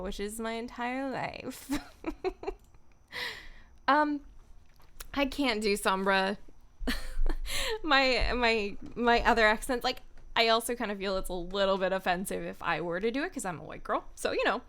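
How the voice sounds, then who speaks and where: A woman's voice: medium pitch, a little slow, long pauses, fairly bright tone. A young woman streaming as a voice actor, chatting casually in a giggly, self-deprecating way into her microphone. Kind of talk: casual livestream chat.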